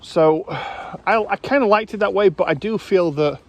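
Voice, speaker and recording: A man hosting his own video channel, giving rambling, casual commentary outdoors, correcting himself often and filling pauses with ums. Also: sits high. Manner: rambling, self-correcting, hesitant fillers. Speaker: YouTube host.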